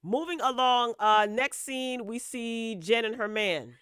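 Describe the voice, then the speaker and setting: A woman's voice: on the high side, measured pace, a bit bright, clear, resonant tone, dry recording, clean studio sound. A woman giving a casual, opinionated recap of a reality show, chatty and blunt, tagging her points with "okay?" and "right?". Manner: sassy, blunt asides.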